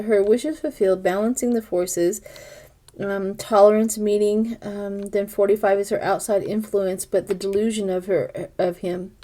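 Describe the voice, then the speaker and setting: A woman's voice: medium pitch, warm tone. Older woman musing through a tarot reading. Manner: musing aloud as she interprets each card; chatty, speaks directly to viewers. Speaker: tarot reader. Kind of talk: casual tarot reading to camera.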